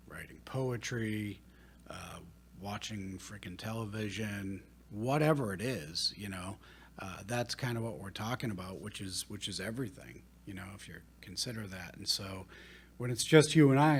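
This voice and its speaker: A man co-hosting a casual studio podcast, talking in a relaxed, rambling way with lots of fillers. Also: fairly low pitch, moderate pace, slightly rough. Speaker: podcast co-host. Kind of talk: casual chat. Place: recording studio.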